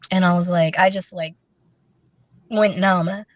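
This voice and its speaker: A woman's voice: on the low side, steady tone, no echo. Woman candidly telling a hard story. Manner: candid, halting, many fillers and restarts. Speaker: interview guest. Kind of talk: recounting a personal story in an interview. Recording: dull, dry lo-fi recording.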